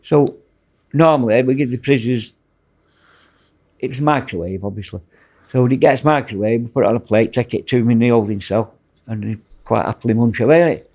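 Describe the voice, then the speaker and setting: On a podcast, an ex-prison officer from Manchester, England, spins blunt, meandering stories in a relaxed interview. His Mancunian voice sits at medium pitch, runs a little fast, and has a darkish quality.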